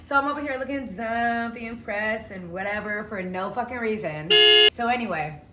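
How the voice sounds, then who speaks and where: Chatty young woman vlogger, animated storyteller who acts out quotes; echoey room, faint hiss behind. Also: fairly high pitch, moderate pace. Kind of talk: casual storytelling vlog.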